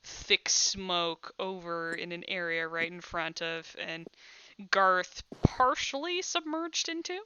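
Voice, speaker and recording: A woman's voice: lowish voice, takes it slowly, bright, forceful tone, clean tone, no echo, muffled recording. A woman running a tabletop game as game master, narrating casually and adding playful sound effects.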